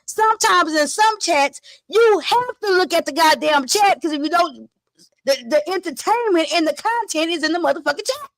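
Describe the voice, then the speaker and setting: High-voiced woman streamer, animated and profane. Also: normal speed, a little hiss or hum. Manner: animated, profane, dramatic retelling with gasps and laughs. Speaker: YouTube commentary host. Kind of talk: casual live-stream commentary.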